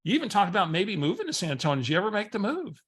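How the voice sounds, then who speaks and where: A chatty, friendly woman on a phone call, put on by a man in a raised, bright voice. She talks like an old friend and asks one personal question after another. The voice has a forceful ring. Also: high voice, very animated, very fast, husky, voice pushed up, full character voice.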